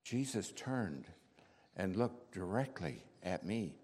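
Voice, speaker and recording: A man's voice: low voice, very animated, slow pace, breathy edge, heavily acted. A man acting as the apostle Peter, telling his story in a heartfelt first-person monologue. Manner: heartfelt storytelling, rising to shouts. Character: the apostle Peter, impulsive and earnest. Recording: long hall reverb.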